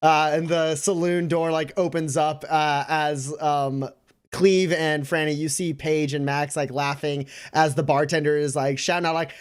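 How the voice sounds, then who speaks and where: A man with a fairly high voice guides players through a tabletop game as its game master. He narrates loosely and casually, with plenty of fillers and stops. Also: steady tone, measured pace, clear, resonant tone. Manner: casual, many fillers and laughs.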